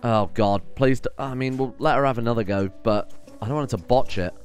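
Guy commentating his game, gets loud and annoyed, swears a lot, quiet music behind. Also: medium pitch, a little fast. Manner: exasperated, swears and swings loud. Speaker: gaming commentator. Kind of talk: let's play commentary.

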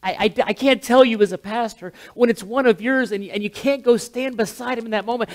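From the pulpit of a church sanctuary, a talkative male pastor gives a heartfelt memorial sermon in a fairly high voice through an amplified handheld or stand mic with a monitor. Self-described as wordy and loud, he talks a little fast with few pauses, often stumbling and restarting his sentences.

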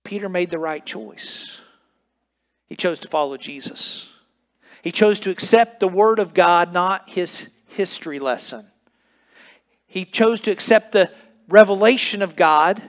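A man preaching a sermon as pastor in a church sanctuary, emphatic and building with repeated phrases, sometimes stumbling over his words. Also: sits high.

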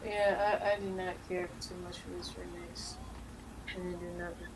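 Woman, lower voice, blunt, teasing, casual chat, hissy recording. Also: little pitch movement, moderate pace. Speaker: podcast co-host reviewing an album.

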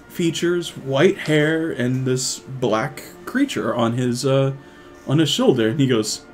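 A man narrating as game master in a tabletop game, animated, laughing often between lines. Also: medium pitch, slow pace, soft background music.

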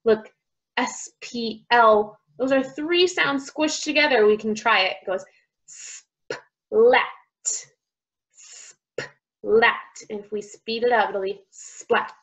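A woman speech teacher reading a picture book aloud to young children, sounding out words slowly and with exaggeration. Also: on the high side, fairly bright tone, poor audio.

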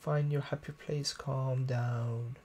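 A man's voice: a little high, normal speed, gravelly, warm tone, breathy edge. A man voicing a peppy, self-admiring female rabbit pop star from a life-sim game, reading her lines aloud in a sing-song tone. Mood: perky, boastful.

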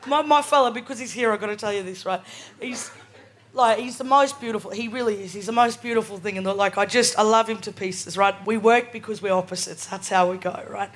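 At a live comedy venue, a twentysomething Australian woman chats through her stories, laughing often and continually asking "right?". She speaks briskly in a medium-pitched, slightly bright voice.

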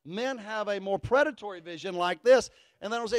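Pastor guy spinning a story, kinda high voice, dry close sound. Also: fairly quick, dry recording. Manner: folksy, animated storyteller who builds to fervent declarations. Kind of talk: storytelling sermon.

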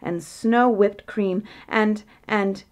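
A woman's voice: medium pitch, very slow. A woman voicing a giddy young princess in a storybook reading, eager and wheedling, drawing her pleas out. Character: giddy, laughing young princess begging for a whim.

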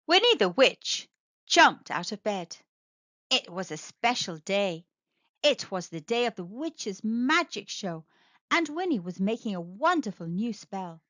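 A woman telling a children's story aloud, with a sing-song, expressive delivery, in a slightly muffled, dry recording. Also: medium pitch, unhurried, no room sound. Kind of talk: children's read-aloud narration.

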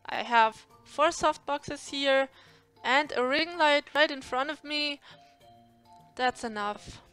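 Bright, slow-talking woman streamer. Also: high-pitched, soft background music. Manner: relaxed, unhurried, answers viewer questions. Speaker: cooking streamer. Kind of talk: casual chat answering viewers. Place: home streaming setup lit by soft boxes and a ring light.

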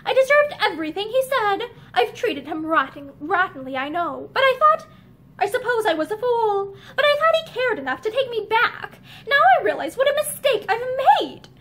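A woman's voice: very high voice, animated, normal speed, few pauses, fairly bright tone, slight background noise. Woman reading as a distraught young woman. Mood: remorseful. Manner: emotional, pleading, breaking into sobs.

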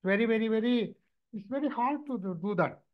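A man, a mridangam teacher and therapist, telling stories in an animated lecture, often repeating and restarting words. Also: sits high, fairly quick. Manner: animated storytelling, frequent repetitions and restarts. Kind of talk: lecture with anecdotes. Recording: dull lo-fi recording.

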